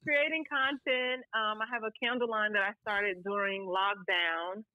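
A woman from St. Louis with a slight country twang, a guest on a podcast, chatting casually in a loud, outspoken way with frequent laughter. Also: mid-range voice, steady tone, moderate pace, dry recording, lo-fi sound. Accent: St. Louis, Missouri. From St. Louis, USA. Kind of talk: casual chat.

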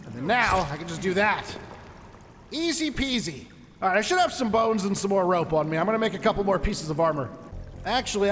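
A man's voice: high voice, fairly bright tone, big-room sound. A man commentating his own survival game playthrough in a chatty, joking way, talking to the enemies as he fights them. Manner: chatty, jokey, talks to enemies. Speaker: gameplay commentator. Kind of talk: let's play commentary.

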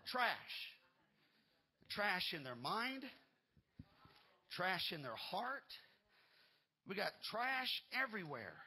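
High, bright preaching pastor. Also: male voice, breathy edge, rough recording. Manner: shouting bursts and quieter stretches, repetitive. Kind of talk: sermon.

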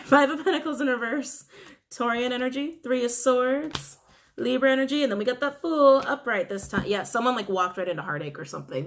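A woman's voice: mid-range voice, a little hiss or hum. A woman giving a casual tarot reading, musing aloud and repeating her phrases. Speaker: tarot reader.

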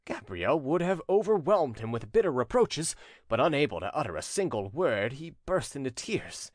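A man narrating a classic crime story as an audiobook in a dramatic, expressive reading. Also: medium pitch, moderate pace, no room sound, clean studio sound. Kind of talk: scripted narration.

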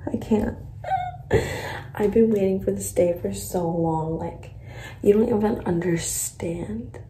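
A woman's voice: medium pitch, mellow, echoey room, slight background noise, poor audio. A teenage girl vlogging casually, giddy and nervous, saying "like" a lot and sometimes dropping into whispers. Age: teens. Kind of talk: casual vlog talk to camera.

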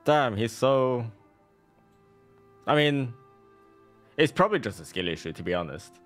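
A man's voice: medium pitch, sing-song, measured pace, faint music behind. A man streaming a game, giving casual, sarcastic commentary with a salty edge.

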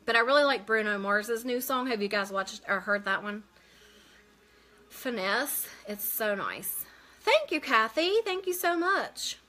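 Bright, chatty woman on a live stream. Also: fairly high pitch, expressive, unhurried. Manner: chatty, reads viewer comments aloud and answers them. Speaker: makeup consultant hosting a live stream. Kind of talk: casual live-stream chat.

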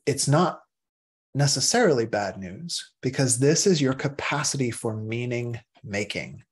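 A male meditation teacher giving a casual class talk, acting out inner voices with sudden jumps into a high, excited tone.

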